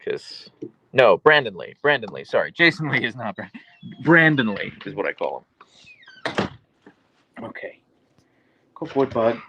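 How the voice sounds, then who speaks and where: A man's voice: medium pitch, big pitch swings, a little slow, pauses often, sharp tone, slight background noise, rough recording. A man hosting a casual livestream, chatting easily as he reads out and answers viewer comments about his dogs. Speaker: livestream host and dog owner.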